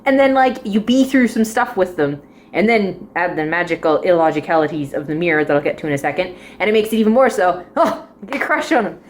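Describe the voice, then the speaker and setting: A woman's voice: fairly low pitch, animated, fast talker, a little hiss or hum. A young woman chatting casually as she reviews a drama, rambling and giggling often as she goes.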